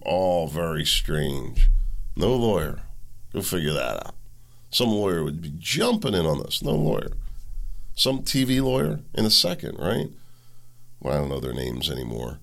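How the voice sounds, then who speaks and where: Man, deep voice, gravelly, ranting, sarcastic, commentary. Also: big pitch swings, normal speed, a bit bright. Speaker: podcast host. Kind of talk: political commentary monologue.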